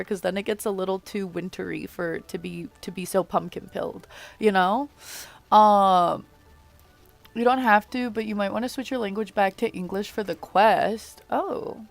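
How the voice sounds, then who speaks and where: Raspy just-woke-up woman streamer. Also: medium pitch, no room sound. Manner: rambling, many fillers and restarts. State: groggy morning voice, just woke up. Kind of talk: casual livestream chat with viewers.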